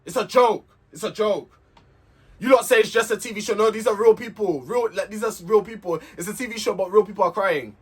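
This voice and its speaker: A man's voice: high-pitched, fast talker, few pauses, husky. A man recapping a reality show in a casual, heated, sweary rant, repeating himself as he vents.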